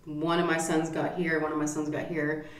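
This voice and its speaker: A middle-aged woman vlogger telling a story in a casual, animated way, swearing and acting out the quotes loudly. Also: low-pitched, moderate pace. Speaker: mukbang vlogger. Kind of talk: storytime chat. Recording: echoey room.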